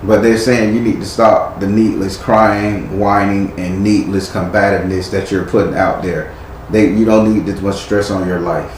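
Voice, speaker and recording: A man's voice: lowish voice, fairly even intonation, moderate pace. A man giving a live tarot reading, blunt and chiding with casual slang. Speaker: tarot reader. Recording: echoey room with faint noise.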